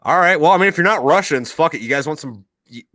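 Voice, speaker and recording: A man's voice: fairly high pitch, expressive, fast talker, bright, forceful tone, no room sound, clean studio sound, pitched above the performer's own voice. A man putting on a bewildered, friendly old Afghan mountain villager who speaks bluntly and then turns hospitable. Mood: puzzled, offhand.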